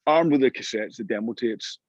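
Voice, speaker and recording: Scottish man, middle-aged, husky anecdotal guest, dry dull sound. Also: medium pitch, fairly quick, no room sound. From Scotland. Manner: lively anecdotal storytelling with frequent restarts. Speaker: guest musician. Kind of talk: storytelling interview.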